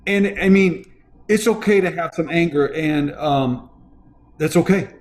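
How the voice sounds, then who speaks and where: A man's voice: on the high side, a little slow, a little hiss or hum. A man moderating a discussion over a video call, reflective and reassuring as he sums up what others said. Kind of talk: casual discussion.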